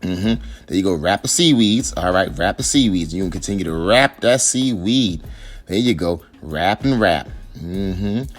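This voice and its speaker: A man's voice: low voice, expressive, a little slow. Joking man narrating a hair tutorial. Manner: joking, teasing, coaxing, with sung bits. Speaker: husband narrating his wife's hair tutorial. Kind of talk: playful improvised voice-over commentary.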